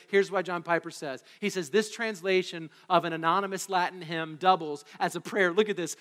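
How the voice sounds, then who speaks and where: A high, bright-voiced man preaching with excitable, animated energy. His voice carries a long reverb from a church hall. He talks like a pastor who grows eager as he goes. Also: fairly quick, few pauses. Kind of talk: sermon. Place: church sanctuary.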